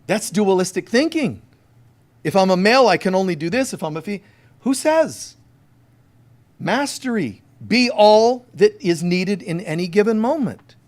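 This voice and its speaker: A man preaching a conversational sermon as a spiritual teacher, emphatic and storytelling, talking straight to his listeners. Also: fairly high pitch. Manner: emphatic, direct address to listeners.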